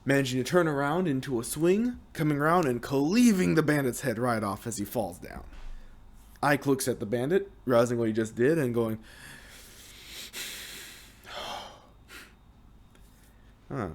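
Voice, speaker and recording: A man's voice: mid-range voice, moderate pace, long pauses. Casual young man telling a game story. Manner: lively, hesitant retelling with restarts.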